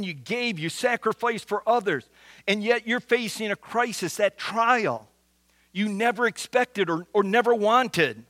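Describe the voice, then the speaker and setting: A man preaching a sermon as pastor, earnest, slowing down to stress key lines and often restarting words. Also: sits high, sharp tone, dry recording. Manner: earnest, with frequent restarts and slow emphatic repetition.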